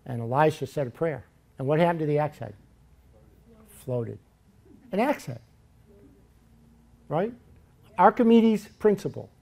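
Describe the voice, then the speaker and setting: A man delivers a sermon in a church, his voice sitting a little higher than most men's. He tells Bible stories in a lively, joking way and acts out the characters as he goes. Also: a little slow, vocal fry, pauses often. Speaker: preacher.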